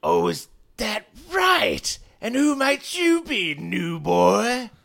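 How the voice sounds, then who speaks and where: A man putting on a cruel goblin guard, high and loud, gravelly, taunting. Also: wildly swooping pitch, slow, heavily acted. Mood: sneering. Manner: taunting, shouting orders.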